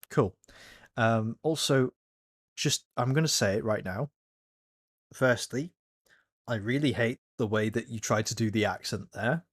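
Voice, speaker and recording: Brief: average-pitched man, casual rambling reaction host, dry close recording. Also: a little slow, no echo. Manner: rambling, self-correcting, candid.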